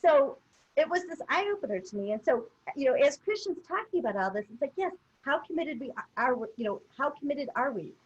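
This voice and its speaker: A woman's voice: high voice, expressive, fairly quick, dull audio. A woman co-hosting a motivational webinar, telling a personal story in a chatty way with many fillers. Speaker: webinar co-host. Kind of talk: casual motivational chat.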